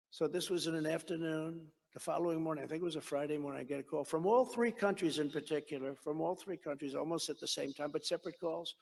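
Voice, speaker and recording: A man's voice: a little high, quick pace, gravelly, big-room sound. A man giving a rally speech in a rambling, boastful storytelling style, repeating himself. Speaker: political speaker at a rally.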